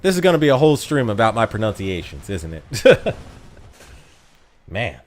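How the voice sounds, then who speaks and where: A man's voice: on the low side, big pitch swings, normal speed. A young man streaming a mobile game, chatting casually with his chat and laughing at himself. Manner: chatty, self-mocking, laughs often.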